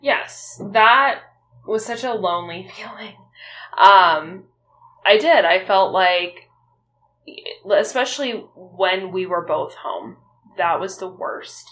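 A woman's voice: mid-range voice, takes it slowly, fairly bright tone. A woman co-hosting a podcast in casual chat, talking candidly and bluntly and swearing freely. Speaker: podcast co-host.

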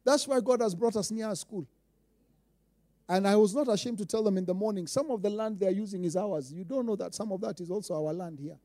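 A Kenyan man preaching a sermon as pastor, emphatic, repeating lines and swinging between quiet asides and loud declarations. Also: high-pitched, brisk.

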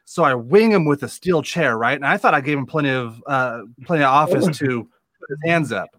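A man's voice: mid-range voice, animated, brisk, fairly bright tone, no room sound. A man, a wrestler, telling stories in a rowdy casual chat and swearing freely. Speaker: guest, wrestler. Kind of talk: casual storytelling.

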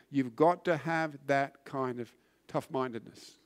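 A man preaching a sermon, earnest and emphatic, often restarting words and swinging from loud to hushed. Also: medium pitch, unhurried. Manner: frequent word restarts.

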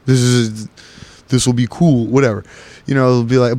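Alone on the mic, an American podcast host delivers a loose, profane, joke-filled monologue that wanders all over. He speaks at a moderate pace with a medium-pitched, darkish voice.

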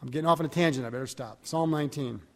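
A man's voice: a little high, rapid-fire, fairly bright tone. Preaching man in a reverberant hall. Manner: reads scripture aloud with rising emphasis, digresses and corrects himself. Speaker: pastor. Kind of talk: sermon.

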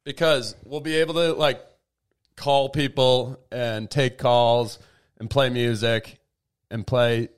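A man's voice: medium pitch, slow, clear, resonant tone. A man co-hosting a casual home podcast, telling rambling stories and mimicking the people he quotes. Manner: rambling storyteller, animated when quoting people. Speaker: podcast co-host. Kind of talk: casual chat. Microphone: desk mic in a home setup.

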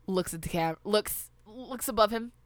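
A woman's voice: medium pitch, moderate pace, no echo. A woman in casual chat, recapping a movie scene by scene, with loose, profane asides. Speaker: podcast co-host.

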